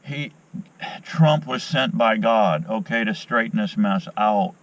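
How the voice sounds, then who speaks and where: An outdoors vlogger, a man with a lowish voice and lively intonation, tells a rambling story at a fishing spot at daybreak. He talks slowly, repeating and restarting his words. There is no echo, and his voice is a bit distant from the mic.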